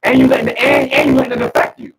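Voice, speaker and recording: A man's voice: very deep voice, huge pitch swings, racing, far from the mic, very noisy. A man hosting a casual chat through a robot voice filter, slangy and emphatic. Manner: slangy, emphatic, preachy asides. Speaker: host.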